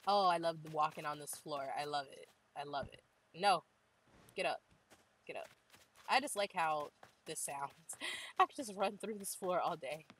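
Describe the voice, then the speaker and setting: Young woman, lowish voice, casual gaming host, gushing and chatty. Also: expressive, moderate pace, long pauses, a bit bright, husky, low-quality recording. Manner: chatty, gushing, says "like" constantly. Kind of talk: casual game tour commentary.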